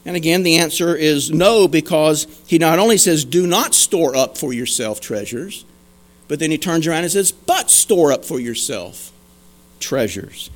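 A man with a fairly high voice preaching to his congregation. He talks earnestly and emphatically, asking questions and answering them in turn. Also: moderate pace. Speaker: pastor. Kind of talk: sermon.

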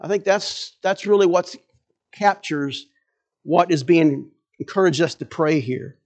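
A man's voice: a little high, a little slow. A man preaching a sermon in a conversational way, restarting phrases and asking rhetorical questions. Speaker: pastor.

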